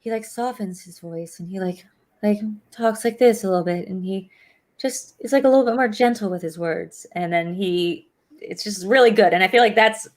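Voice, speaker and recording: A woman's voice: mid-range voice, moderate pace. A woman co-hosting a casual chat show from home, rambling and chatty with lots of fillers. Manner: chatty, rambling with many likes. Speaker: co-host.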